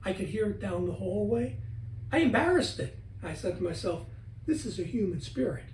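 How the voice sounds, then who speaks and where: High-voiced man telling stories in a roomy space. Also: moderate pace, slight background noise. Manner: animated storyteller, acts out his own words. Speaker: guest author on spirits. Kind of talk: casual interview chat. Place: at home. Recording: roomy, from a distance, faint ambience.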